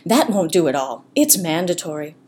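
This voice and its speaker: A woman's voice: fairly low pitch, sing-song, normal speed, mellow. A woman voicing a prim, rule-bound male crow manager who speaks in a fussy, prim way.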